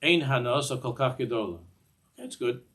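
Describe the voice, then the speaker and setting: A man's voice: medium pitch, animated, brisk, a bit bright. An older man teaching a Torah class in a discursive way, often repeating words and mixing in Hebrew phrases.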